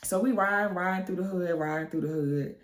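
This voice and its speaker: Animated young woman telling a story. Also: lowish voice, a little fast. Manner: animated, laughing, slangy. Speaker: storyteller vlogger. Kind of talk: casual storytime. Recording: roomy echo.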